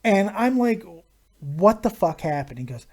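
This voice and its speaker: A man hosting a live stream, telling a crude story in a casual, animated way with constant swearing. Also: sits high, measured pace. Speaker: host of a live viewer Q&A stream.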